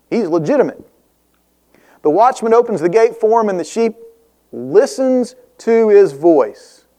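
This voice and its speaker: Male pastor, high voice, sermon, emphatic scripture reading, rhetorical questions, soft reflective asides. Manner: drops to soft, slow reflection in personal parts.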